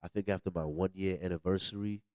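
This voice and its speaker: A man's voice: low-pitched, steady tone, fast talker, a little mellow, no room sound. A man hosting a podcast in casual chat, who keeps slipping into put-on Jamaican and London slang and laughs often. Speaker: podcast host.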